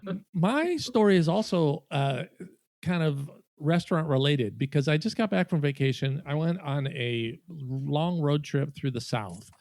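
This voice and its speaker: Male podcast host, slightly high pitch, dry close sound, casual joking storyteller. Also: expressive, measured pace, vocal fry, darkish tone, no room sound. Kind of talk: casual chat.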